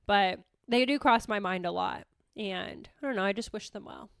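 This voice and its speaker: A woman's voice: medium pitch, moderate pace, creaky, fairly bright tone, smooth, no echo, clean studio sound. A woman in her thirties hosting a podcast, talking candidly and casually, full of "like" fillers, swearing freely and poking fun at herself. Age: 30s. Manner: chatty, frequent "like" fillers, swears freely, self-mocking. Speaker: podcast host.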